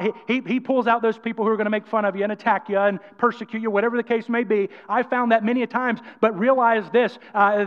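A man delivers an energetic sermon with strong emphasis, acting out what people say. His voice sits high, and the sound is a little dull. A long reverb trails his words through the hall. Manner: energetic, emphatic preaching with acted-out quotes. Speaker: pastor.

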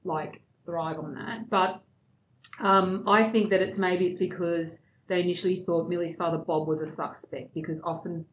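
Low-voiced woman telling a true-crime case. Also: fairly even intonation, normal speed. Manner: reads the case in a low, subdued tone with fillers. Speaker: podcast host telling the case. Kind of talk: casual true-crime podcast chat. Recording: dull lo-fi sound with faint noise.

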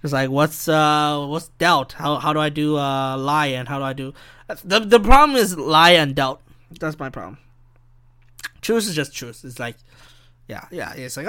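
A young man hosts a solo podcast, rambling, swearing and often cutting himself off mid-sentence. His voice is a little high and a little slow, bright and forceful, with a clear, resonant tone.

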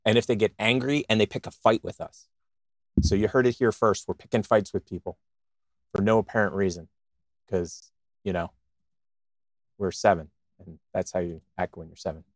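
A man co-hosting a show, chatting in a rambling, jokey and excitable way, cracking himself up as he goes. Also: lowish voice, moderate pace, pauses often, dry recording, studio quality. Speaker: co-host of a podcast show. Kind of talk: casual banter.

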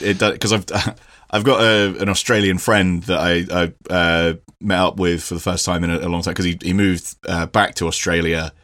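Low-voiced sweary man. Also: fairly bright tone. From Britain. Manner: rambling, sweary, quick to laugh. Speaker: podcast co-host. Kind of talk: casual chat.

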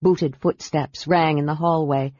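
A reader narrating a fantasy novel in a steady, even storytelling voice. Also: medium pitch, measured pace, dry recording. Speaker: audiobook narrator. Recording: dull, dry audiobook sound.

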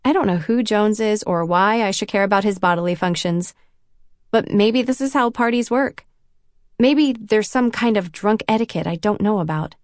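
A woman's voice: medium pitch, moderate pace, dry recording, studio quality. A woman reading a novel in first person, with a self-conscious, wry inner voice. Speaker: audiobook narrator. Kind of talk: first-person audiobook narration.

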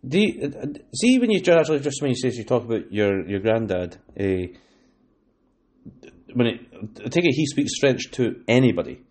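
A male podcast host from Scotland, with a West Lothian accent, talks at normal speed in a mid-range, sing-song, slightly mellow voice. The chat is casual and rambling, peppered with fillers and restarts.

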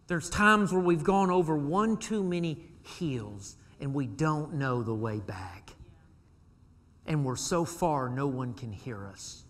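A man preaching a sermon as pastor of his church, moving from quiet asides to shouted pleas. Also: fairly high pitch, expressive, slow pace. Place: church sanctuary.

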